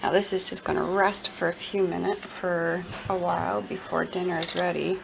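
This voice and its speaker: Woman showing her home cooking, chatty, a bit of vocal fry, steady noise behind her. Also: lowish voice, moderate pace. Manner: chatty, talks to the food and the viewers. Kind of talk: casual cooking demonstration. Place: home kitchen.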